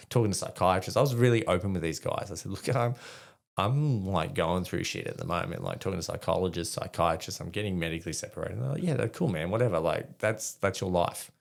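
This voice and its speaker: Australian veteran guest, very low gravelly voice, rambling storyteller full of fillers. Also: male voice. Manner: rambling, many fillers and restarts, acts out dialogue. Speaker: podcast guest, army veteran. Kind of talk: casual storytelling.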